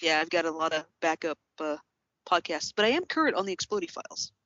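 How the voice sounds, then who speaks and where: A woman's voice: low voice, sing-song, fast talker, fairly bright tone, dry recording. A woman co-hosts a podcast in casual chat, with a blunt, wry delivery. The recording is dry and close. The audio is dull and lo-fi.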